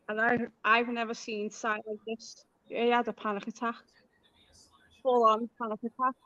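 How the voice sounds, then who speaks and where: Liverpool woman co-host, chatty storyteller, bright tone, muffled lo-fi stream sound. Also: a little high. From Liverpool, England. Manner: chatty storyteller, acts out quoted lines. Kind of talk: casual chat. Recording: dull lo-fi live stream audio.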